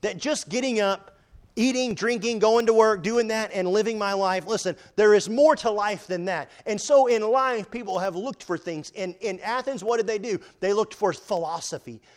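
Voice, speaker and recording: A man preaching a sermon, emphatic, often rising and falling in loudness, quoting scripture in old-fashioned wording. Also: high voice, normal speed. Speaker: pastor.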